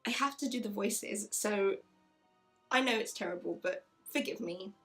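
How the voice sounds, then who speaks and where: A chatty woman reviewing a book, her talk bright with enthusiasm and a somewhat high pitch. Her voice carries a gravelly fry, with faint music underneath. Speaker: book vlogger. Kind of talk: casual book review with read-aloud passages.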